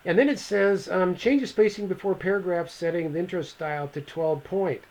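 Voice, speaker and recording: A man over fifty teaching a software lesson, thinking aloud as he clicks through the steps and correcting himself casually. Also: sits high, normal speed, poor audio. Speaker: instructor. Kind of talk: screen-recorded software tutorial.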